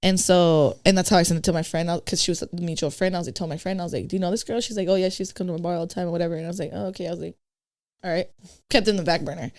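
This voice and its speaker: Fast-talking woman telling a blunt story. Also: lowish voice. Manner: blunt, profane, animated retelling of conversations. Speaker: podcast guest. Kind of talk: casual storytelling chat.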